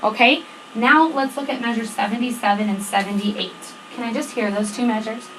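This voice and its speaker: Over a noisy background of a student band playing, a woman band teacher leads rehearsal at a normal speed. Her pitch is fairly high, and she gives instructions, counts off tempos and keeps checking in with the players.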